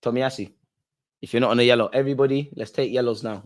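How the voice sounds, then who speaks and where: A young man hosts a live football watch-along and talks straight to his viewers. He reacts to every moment of play in quick, slangy bursts and keeps pleading with the players. His voice sits at an ordinary middle pitch. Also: steady tone.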